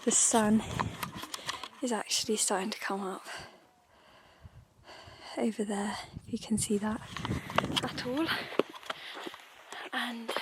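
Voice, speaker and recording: A young woman vlogging casually on a mountain trail, talking in a hushed, often half-whispered, chatty way into a handheld camera. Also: fairly high pitch, steady tone, slow, long pauses. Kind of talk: casual vlog narration to camera. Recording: windy outdoor noise. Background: wind.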